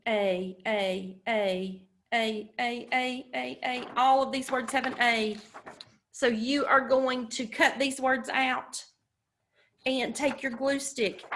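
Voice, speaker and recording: A woman teacher leads a phonics lesson for young children at a very slow, patient pace. Her voice is bright and clear, and she draws out each sound with careful enunciation. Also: sits high, slight background noise. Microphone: camera.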